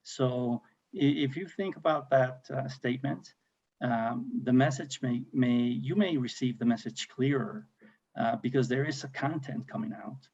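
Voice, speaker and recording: Gravelly, husky man on a muffled call. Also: mid-range voice, darkish tone. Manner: hesitant, halting, many fillers. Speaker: panelist. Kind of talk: panel discussion on a video call.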